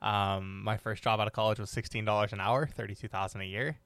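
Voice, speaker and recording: Young man, podcast host, casual chat, smooth clear voice, dry close sound. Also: lowish voice, fairly even intonation, fast talker, fairly bright tone, no room sound. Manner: chatty, with frequent ums and restarts.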